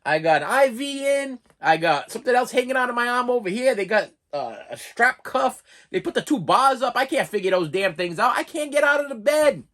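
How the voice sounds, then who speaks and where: Animated man telling a rambling story. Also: extremely high pitch, a little fast, hardly any pauses. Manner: animated, acts out other people's lines in the story; rambling with frequent restarts and asides. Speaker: vlogger and collector. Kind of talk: casual storytelling vlog.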